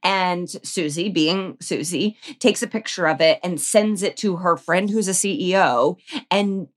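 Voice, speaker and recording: A woman's voice: on the low side, a little slow. A woman co-hosting a casual film review, playfully dramatic as she retells scenes. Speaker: podcast co-host.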